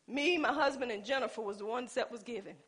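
A woman's voice: a little high, fast talker, fairly bright tone, husky. A woman pastor preaching a sermon in a colloquial style. She calls out to the congregation and acts out little scenes from her own life.

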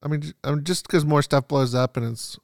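Gravelly-voiced excitable man chatting about movies. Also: fairly high pitch, a little fast, no echo, clean studio sound. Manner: excitable, filler-heavy, acts out scenes. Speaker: podcast co-host. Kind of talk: casual movie chat.

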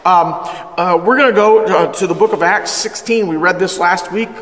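A man preaching a sermon as pastor, energetic and emphatic, calling the congregation to respond. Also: sits high, normal speed. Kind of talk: sermon, Bible study teaching. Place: church hall with live congregation. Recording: echoey hall with long reverb.

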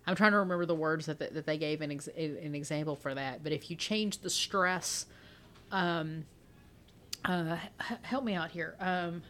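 A young woman co-hosts a loose, casual podcast chat, her voice sitting slightly low. She rambles, restarts her sentences and laughs easily as she goes. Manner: rambling, animated, laughs often, frequent restarts. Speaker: podcast co-host.

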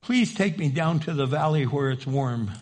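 A preacher voicing a sly snake in a story, speaking in a soft, pleading, hushed way. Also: male voice, fairly high pitch, expressive, normal speed, in a large hall, pitched below the performer's own voice.

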